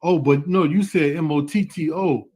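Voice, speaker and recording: A man's voice: fairly high pitch, normal speed, dark tone, husky. A man in an online scripture class over a video call, who chimes in with repeated affirmations and talks loosely, with lots of fillers. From United States.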